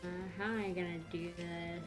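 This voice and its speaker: A woman's voice: lowish voice, steady tone, fairly quick, faint music behind. A woman streamer chatting casually and giggling often, trailing off mid-sentence.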